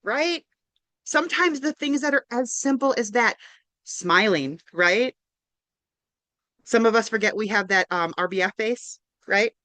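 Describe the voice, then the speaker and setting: A woman's voice: a little high, a little slow, sharp tone, no room sound. A woman counselor giving an interactive online workshop, upbeat and encouraging, often checking in with "right?". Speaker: counselor and presenter. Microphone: video call.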